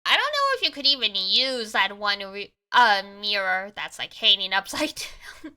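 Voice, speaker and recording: A woman's voice: mid-range voice, big pitch swings, moderate pace, sharp tone, clear, resonant tone. A woman streaming a game, chatting casually and joking, with the odd swear word. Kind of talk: casual gameplay commentary.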